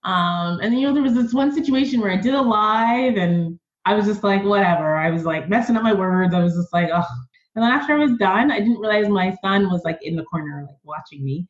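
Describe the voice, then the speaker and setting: A woman being interviewed on a podcast who talks in an earnest, animated, conversational way. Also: medium pitch, fairly quick, hardly any pauses, reverberant, dull audio. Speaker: podcast guest.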